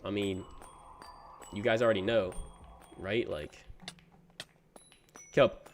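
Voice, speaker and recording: Taking his time, a young streamer with a fairly low, steady voice hangs out casually on a gaming stream. He reads chat aloud and replies in easygoing slang, frequently calling people "bro."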